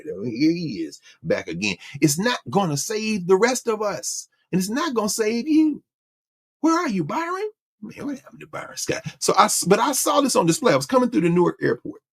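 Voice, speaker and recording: A man's voice: a little high, creaky. A man hosting a lecture show, giving fiery, sermon-like political commentary with slang, sarcasm and laughter. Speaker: host and lecturer.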